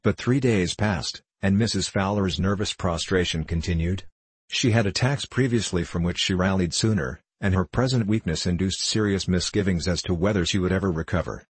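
A man narrating a story aloud in a steady, measured reading. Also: low-pitched, husky, dry recording. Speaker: audiobook narrator. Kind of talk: scripted narration.

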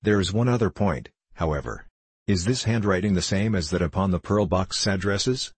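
A man's voice: low voice, husky, no echo. A man reading as a cool, detached detective. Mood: brisk. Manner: precise, measured, detached. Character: cool, reasoning male detective, middle-aged.

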